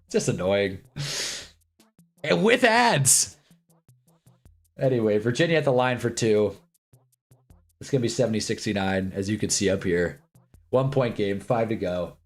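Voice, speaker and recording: An expressive, mid-range male voice belongs to a young livestream host chatting through a sports watch-along, with faint music in the background. Candid and rambling, he swears, repeats himself and slips into quick voices for quoted people.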